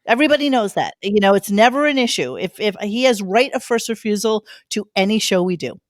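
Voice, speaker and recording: Woman, podcast host, brash and profane, quick laughs, dry close sound. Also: mid-range voice, expressive, no echo. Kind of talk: casual chat.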